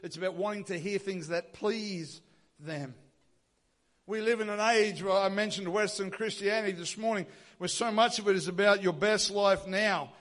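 A pastor preaching a sermon, retelling a scripture story with lively acted-out dialogue. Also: male voice, high voice, moderate pace.

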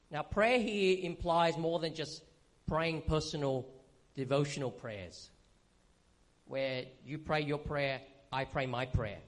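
A man teaching from the pulpit in a relaxed, conversational sermon style. His voice sits a little high for a man, and he keeps checking in with the congregation as he explains. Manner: conversational, frequent "okay?" check-ins and fillers. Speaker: pastor.

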